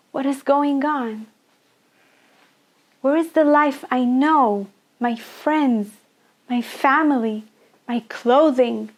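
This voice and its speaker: Slow, high woman storyteller. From Iran. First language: Persian. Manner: halting, fearful, speaking as her child self. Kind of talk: dramatic first-person monologue.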